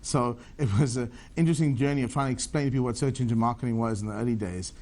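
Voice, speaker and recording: Guest: South African man in his thirties, rapid-fire and eager, answers ramble with restarts. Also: medium pitch, darkish tone. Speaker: tech entrepreneur guest. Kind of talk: TV business interview.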